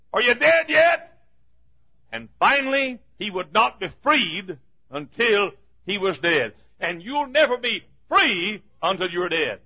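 High-voiced preacher man shouting his sermon. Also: slightly rough, dull audio. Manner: repetitive, rising to shouts. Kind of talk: fiery sermon. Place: church.

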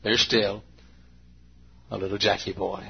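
Male preacher, late 50s, gravelly, husky, folksy sermon delivery. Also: level tone, a little slow, highs cut off. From Texas. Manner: folksy, acts out anecdotes with bursts of high imitation and laughter.

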